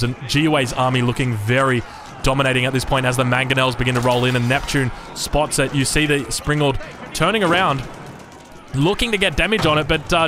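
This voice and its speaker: A man with an Australian accent giving chatty play-by-play commentary on a strategy game, correcting himself and breaking into hype at big moments. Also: medium pitch. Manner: chatty, self-correcting, bursts into excited hype. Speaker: game caster.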